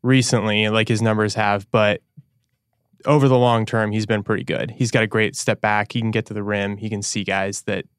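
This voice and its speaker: A man giving quick, confident takes as a guest on a casual sports podcast, often leaning on "like". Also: on the low side, little pitch movement, clean tone, no echo, clean studio sound.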